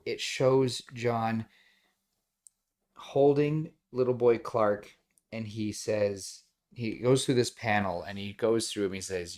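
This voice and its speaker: A man's voice: fairly low pitch, takes it slowly, a little mellow. A young man co-hosting a podcast, talking earnestly and getting emotional in casual chat. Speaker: podcast co-host.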